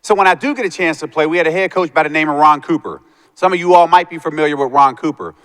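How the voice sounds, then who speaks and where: Speaking fast in a clean, slightly bright voice that sits a little high, this motivational speaker tells students about his life. He performs the voices of the people in his story, and the recording carries a long hall reverb.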